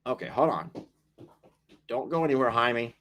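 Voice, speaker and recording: Lively man chatting on a livestream. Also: mid-range voice, normal speed, a little hiss or hum. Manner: chatty, laughs often, teasing and apologetic. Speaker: livestream host reading viewer comments. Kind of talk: casual live-stream chat.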